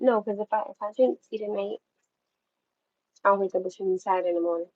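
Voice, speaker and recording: A woman's voice: medium pitch, moderate pace, pauses often, darkish tone, lo-fi sound. A woman from New York chatting casually to her livestream viewers while cooking at home, rambling and talking straight to them. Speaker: livestream host.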